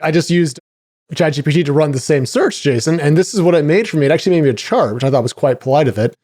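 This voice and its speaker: Man, podcast co-host, enthusiastic, slightly high voice, dry sound. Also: expressive, fast, a little mellow, no echo. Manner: upbeat, enthusiastic. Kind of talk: casual chat.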